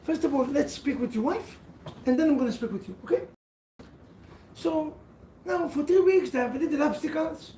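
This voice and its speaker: A man giving a sermon as a rabbi to a seated audience, telling stories in halting, non-standard English. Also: very high-pitched, dark tone, roomy sound, recorded from a distance, a little hiss or hum, rough recording.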